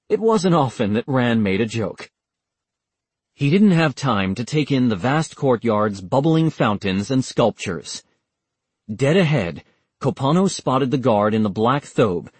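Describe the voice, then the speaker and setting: Male audiobook narrator, husky and dry, steady measured read. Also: mid-range voice, no echo. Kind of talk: scripted narration.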